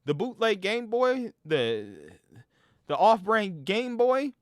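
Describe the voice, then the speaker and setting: A man's voice: sits high, takes it slowly, dry recording, clean studio sound. A man ranting casually as a gaming streamer, swearing and tripping over his words. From New York. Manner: animated, profane, stumbles over words.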